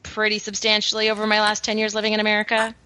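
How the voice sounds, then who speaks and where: A woman's voice: medium pitch, completely flat delivery, rapid-fire, bright, forceful tone, dry recording, rough recording. A woman from Canada co-hosting a podcast, enthusiastic and rambling with lots of fillers. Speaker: podcast co-host. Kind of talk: casual podcast chat.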